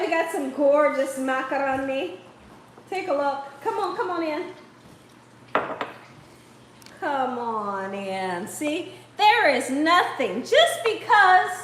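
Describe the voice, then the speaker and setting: A middle-aged woman hosting a casual live cooking show from her home kitchen, chatty and playful, often laughing as she talks. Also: high-pitched. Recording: very echoey room with faint background hiss.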